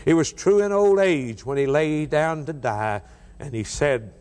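A man's voice: fairly high pitch, a little slow. Older man, preacher, sermon delivery, big dynamic swings, reverberant hall. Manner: dramatic swings between soft and raised delivery.

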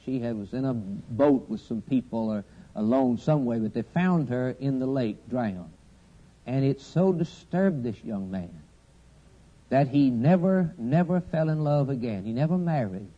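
A man's voice: mid-range voice, expressive, unhurried, highs cut off. A man preaching a sermon with a cadenced delivery, repeating a falling refrain at the end of each point.

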